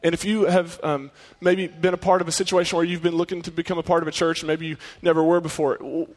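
A man's voice: on the high side, flat delivery, quick pace, long reverb tail. A man preaching a sermon in an earnest, conversational way, often putting rhetorical questions to his listeners. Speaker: pastor.

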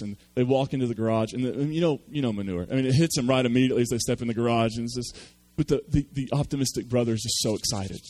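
A man's voice: mid-range voice, quick pace, few pauses, darkish tone. A man preaching a sermon, telling a story with self-deprecating humor. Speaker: pastor.

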